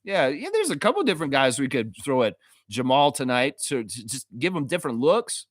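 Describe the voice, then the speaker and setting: A man hosting a casual live-stream sports show for fans, reading chat comments aloud, animated and profane, laughing often. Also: mid-range voice, fairly quick, no room sound, studio quality. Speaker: fan show host.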